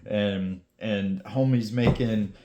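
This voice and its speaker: A man's voice: on the low side, slow pace, dark tone. A man talking to camera in a blunt, casual pep-talk style, full of slang, urging viewers to start a channel. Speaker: YouTube creator giving advice.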